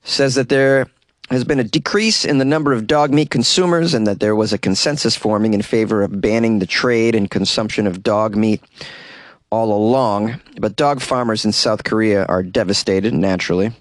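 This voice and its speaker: A man hosting a comedy podcast, reading odd news stories with sarcastic deadpan asides, recorded in a closet. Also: fairly low pitch, moderate pace, dry recording.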